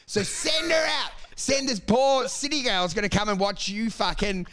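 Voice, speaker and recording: An Australian man talks in loose comedic banter on a podcast. His voice sits high for a man, and he swears freely and launches into loud acted-out bits. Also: normal speed. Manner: animated, swearing, bursts into shouted bits. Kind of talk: casual comedic chat.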